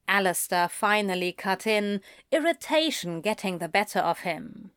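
A woman narrating a story in a slow, measured storytelling voice. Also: medium pitch, expressive, a bit bright, clean tone, dry recording, clean studio sound. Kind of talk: fan fiction audiobook reading.

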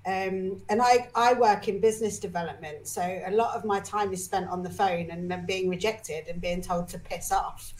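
A woman's voice: mid-range voice, steady tone, normal speed, few pauses, a little mellow, low-quality recording. A woman talking as a podcast guest, telling emotional personal stories with energy, swearing casually and often restarting her sentences. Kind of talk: candid personal storytelling.

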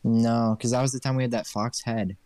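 A man's voice: medium pitch, steady tone, brisk, warm tone, smooth, dry recording. A young man in casual chat, laid-back, swearing casually and calling his friend dude. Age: young adult.

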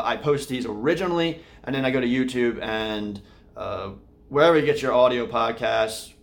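A man talks casually through his daily video log, rambling along and restarting his sentences. His voice sits at an ordinary middle pitch. He records from his room at home. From Austin, Texas area. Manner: rambling, many fillers and restarts. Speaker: vlogger and podcast host. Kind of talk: casual daily vlog talk.

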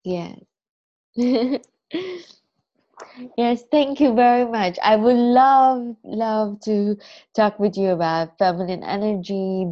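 A woman's voice: medium pitch, warm tone, dry recording. A woman hosting a podcast, emotional and laughing often, with hesitant, phrasing. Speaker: podcast host. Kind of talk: casual interview chat. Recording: slightly dull lo-fi sound.

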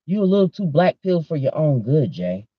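Man, podcast host, profane casual rant, fairly high voice, dull lo-fi dry sound. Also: normal speed, husky, no echo. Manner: profane, animated, talks straight to listeners.

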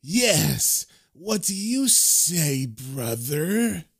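A man's voice: a little high, sing-song, very slow, slightly rough, full character voice. A man doing a sly mocking demon lord. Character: scheming male demon lords, sly and haughty. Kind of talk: comic book reading.

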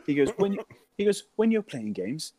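A man's voice: high voice, big pitch swings, moderate pace, dark tone, no room sound. A young British man telling a funny story in casual chat, swearing, laughing and mimicking voices.

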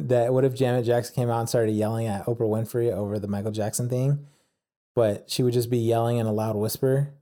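A man's voice: medium pitch, steady tone, a little fast, mellow. A man co-hosting a podcast in casual chat, chatty and full of questions. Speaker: podcast co-host.

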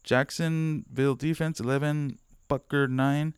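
A man co-hosting a casual podcast, reading fantasy football stats and dropping deadpan jokes. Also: on the high side, measured pace, smooth, no echo, clean studio sound. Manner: joking, deadpan quips. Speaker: podcast co-host.

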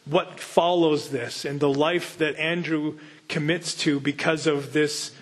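Husky-voiced pastor, a touch high, earnest conversational teacher who reads scripture and asks the audience questions. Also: male voice, fairly even intonation, slow. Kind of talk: Bible reading and sermon teaching.

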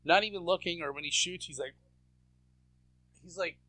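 A man's voice: fairly high pitch, moderate pace, pushed and bright, dry recording. A man co-hosting a casual podcast, telling crude, mocking stories. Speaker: podcast co-host. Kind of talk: casual chat.

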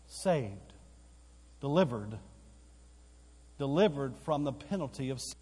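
Husky-voiced preacher in a reverberant hall. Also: male voice, medium pitch, animated, a little slow, long pauses, mellow. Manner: emphatic preaching with repetition and rising emphasis. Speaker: pastor. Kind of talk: sermon. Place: church auditorium. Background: live congregation hall.

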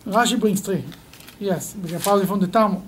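A man teaching a Torah study class in halting, rising with emphasis as he explains. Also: high voice, slight background noise.

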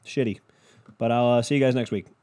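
A man's voice: mid-range voice, steady tone, brisk, darkish tone. A young man from Cleveland hosting a podcast, ranting in a profane, rambling, casual way. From Cleveland, Ohio. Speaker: podcast host. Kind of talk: casual comedic rant.

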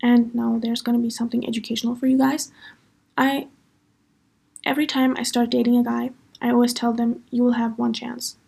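A woman's voice: on the high side, flat delivery, a little fast, creaky, darkish tone, slightly rough. A young woman hosting a podcast, chatting casually through a personal story with lots of fillers. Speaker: podcast host.

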